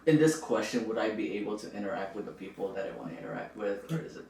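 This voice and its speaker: A podcast guest from the Philippines, a young man, speaks quickly and expressively in a fairly low, gravelly, slightly mellow voice, chatting playfully with many "like"s and hedges. The roomy sound comes from a distant camera mic, not the podcast mic, and carries a little hiss or hum.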